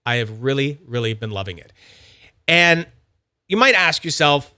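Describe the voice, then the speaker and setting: Young guy rambling about fidget toys, bright crisp voice, dry close mic. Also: medium pitch, animated, moderate pace, pauses often, no room sound. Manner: rambling, filler-heavy, chatty. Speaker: fidget toy reviewer. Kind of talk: casual unboxing chat.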